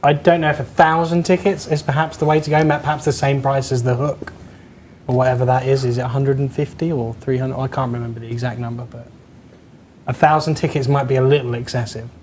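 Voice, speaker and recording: Fast-talking man on a game panel. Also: medium pitch, flat delivery, a little mellow, a little hiss or hum. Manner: quick, practical remarks. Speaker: developer on panel. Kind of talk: casual panel chat.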